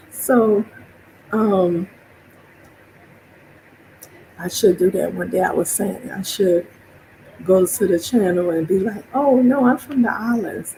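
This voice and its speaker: A woman's voice: medium pitch, warm tone, slight background noise, poor audio. A woman from New Orleans with a New Orleans accent, streaming a casual monologue, chatty and laughing often as she acts out her own reactions.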